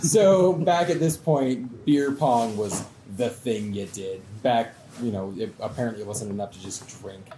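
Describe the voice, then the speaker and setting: A man telling a drinking story in relaxed, wry casual chat, with some swearing. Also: mid-range voice, unhurried, few pauses. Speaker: show regular. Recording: echoey room with faint background noise.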